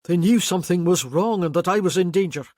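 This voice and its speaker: A guilt-ridden older Highland man, as an audiobook narrator puts him on, speaking with earnest, pleading sorrow. The voice sits in a middle register, and the recording is close and completely dry. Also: a little fast, a little mellow, dry recording, close to an everyday voice. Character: remorseful older Highland man, Kerr's uncle. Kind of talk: audiobook character voice.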